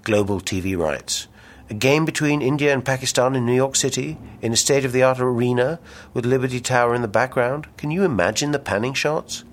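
A man's voice: mid-range voice, brisk, few pauses, pitched above the performer's own voice, natural voice. A man voicing a brash, ambitious businessman with big schemes, reading the dialogue aloud in a pushy salesman's patter. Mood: excited. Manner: salesman patter, insistent and grandiose.

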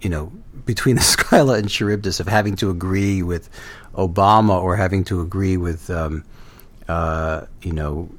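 A man discussing politics on a panel, measured and hesitant, with many fillers and restarts. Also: low-pitched. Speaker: guest commentator.

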